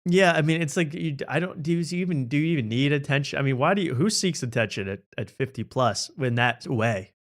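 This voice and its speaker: A man hosts a loose comedy talk show with a mid-range voice. He riffs sarcastically and jumps quickly from one jab to the next. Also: mid-range voice, lively intonation. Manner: sarcastic, rapid riffing.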